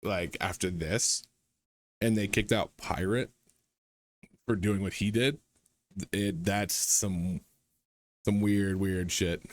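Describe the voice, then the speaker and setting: A man's voice: deep voice, fairly even intonation, takes it slowly, pauses often, dry recording. A man streaming a reaction, chatting casually, rambling and laughing often. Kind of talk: casual chat.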